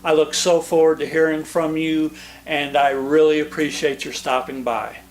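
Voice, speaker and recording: A man giving a gentle, reassuring meditation lesson, speaking softly with many pauses and restarts. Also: a little high, level tone, slight background noise. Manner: slow, soft-spoken, reassuring, with pauses and restarts. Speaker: meditation teacher. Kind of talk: gentle meditation talk to camera.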